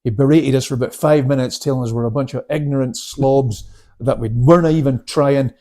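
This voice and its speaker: A man's voice: mid-range voice, brisk, warm tone. A man in his seventies, a karate instructor, telling stories in a casual interview, chatty and laughing, with many restarts. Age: 70s.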